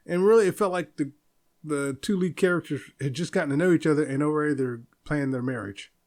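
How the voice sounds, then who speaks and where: A man's voice: a little high, fast talker, darkish tone. Rambling, chuckling podcast man. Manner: rambling, chuckles often, loose and self-interrupting. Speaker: podcast host. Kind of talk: casual solo podcast talk.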